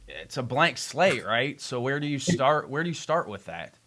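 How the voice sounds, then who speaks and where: A man hosting a podcast, asking questions in a relaxed conversational way and trailing off quietly at the ends of phrases. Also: medium pitch, normal speed. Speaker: podcast host, interviewer. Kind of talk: conversational interview.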